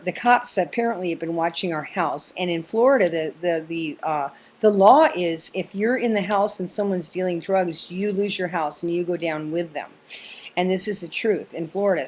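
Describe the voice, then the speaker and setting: A woman's voice: lowish voice, darkish tone, a little hiss or hum. A middle-aged woman telling a funny personal story in a rambling, profane way, full of fillers and restarts.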